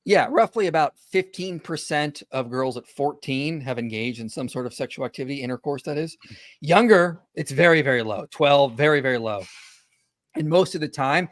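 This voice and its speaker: A man's voice: a little high, normal speed, a bit bright, no room sound. Male host in his thirties, casual and dismissive, dry close sound. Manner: casual, many filler likes, dismissive. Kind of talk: casual online panel discussion.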